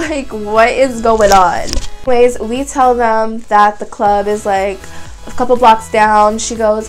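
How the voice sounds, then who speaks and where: A woman's voice: fairly high pitch, a little slow, low-quality recording. Young woman telling a story, faint music. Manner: animated retelling, heavy use of "like", voices other people's lines. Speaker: vlogger. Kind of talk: casual storytime vlog.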